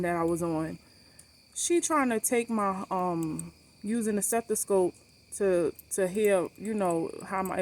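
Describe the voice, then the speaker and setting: Blunt, cussing woman telling a story. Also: fairly low pitch. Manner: blunt, animated, swears freely; emphatic, repeats points for stress. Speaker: vlogger sharing her cancer journey. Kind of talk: casual storytelling to camera.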